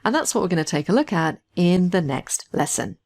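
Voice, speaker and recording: A woman instructor narrating a screen-recorded software tutorial, explaining each step patiently. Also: lowish voice, very animated, fairly quick.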